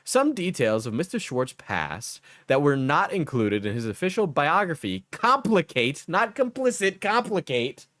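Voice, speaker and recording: A man's voice: a little high, huge pitch swings, a little slow, hardly any pauses, a bit bright, no echo, studio quality. A man with a New York accent giving crude, mocking commentary over a video during a live stream.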